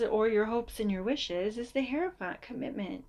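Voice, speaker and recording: A woman's voice: on the high side, expressive, slow, darkish tone. A woman giving a casual, chatty tarot reading. She reassures her listeners and now and then mimics them in a mock voice. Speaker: tarot reader.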